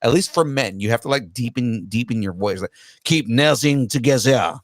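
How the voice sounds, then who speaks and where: A man's voice: medium pitch, fairly quick, dry recording, clean studio sound. A man co-hosting a pop culture podcast in casual, joking chat, often laughing at his own bits. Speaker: podcast co-host.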